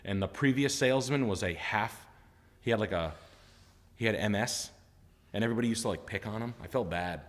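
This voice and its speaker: A man's voice: lowish voice, brisk, long pauses, long reverb tail. A man telling funny work stories on a live stream, acting out the voices of the people in them and swearing freely. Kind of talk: casual storytelling chat.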